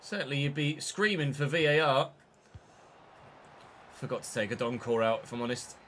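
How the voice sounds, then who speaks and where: A man streaming a football video game, giving an excitable, sweary running commentary on the play. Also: medium pitch, moderate pace, slight background noise. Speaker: gaming streamer. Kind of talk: live gameplay commentary.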